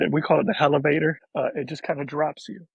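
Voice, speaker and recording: A man, a podcast guest, telling an emotional personal story in a soft-spoken, halting way, often restarting his sentences. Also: on the high side, steady tone, vocal fry, breathy edge, no room sound, muffled recording.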